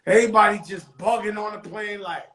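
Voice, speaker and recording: A man hosting a talk show, telling stories in a loose, profane street-talk style that slows into motivational preaching. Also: high voice, fairly even intonation, fairly bright tone. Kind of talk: casual storytelling monologue. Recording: echoey room.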